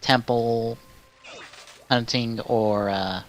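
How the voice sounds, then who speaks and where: A man hosting a live stream in casual chat, rambling with lots of filler words and swearing, and breaking into loud exasperated outbursts. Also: mid-range voice, fairly even intonation, extremely slow. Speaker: stream host.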